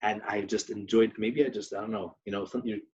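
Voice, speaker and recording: A man co-hosting a podcast, chatting casually and telling stories in an animated way, with Yiddish phrases mixed in. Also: on the low side, fast talker. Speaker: podcast co-host. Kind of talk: casual chat and storytelling. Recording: slightly muffled audio.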